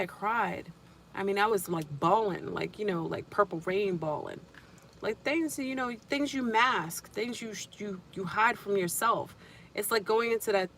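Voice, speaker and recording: A woman's voice: mid-range voice, a bit bright. A woman hosting a casual livestream, telling a spiritual story in a rambling way and repeating and restarting her phrases.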